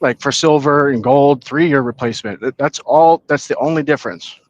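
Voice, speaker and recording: A man's voice: medium pitch, moderate pace, highs cut off. A man calling in to a talk show, speaking casually and explaining things plainly with some swearing. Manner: casual, profane, explains practically. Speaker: caller. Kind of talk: casual chat.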